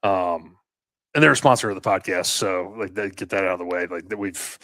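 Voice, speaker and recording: Casual storytelling man with low voice. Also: brisk, a bit bright, no room sound. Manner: rambling, many fillers and restarts, swears casually. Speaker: podcast co-host and landscaping business owner.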